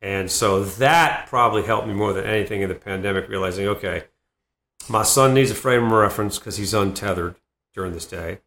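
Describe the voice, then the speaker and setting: Middle-aged man, from Boston, rambling anecdotes, gravelly, bright edge. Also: on the low side, fairly quick. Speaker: comedian guest. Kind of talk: casual podcast interview. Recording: roomy echo.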